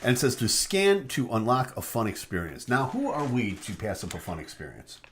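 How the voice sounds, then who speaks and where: A man's voice: medium pitch, big pitch swings, normal speed, slight background noise. A man hosting a live stream and chatting casually, joking and laughing often. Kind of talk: casual chat.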